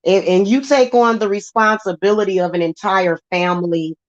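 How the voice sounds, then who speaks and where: A woman's voice: medium pitch, normal speed, dry recording. Blunt laughing woman, dry dull sound. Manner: blunt, laughs often, talks back to chat. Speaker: livestream host. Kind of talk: casual livestream chat.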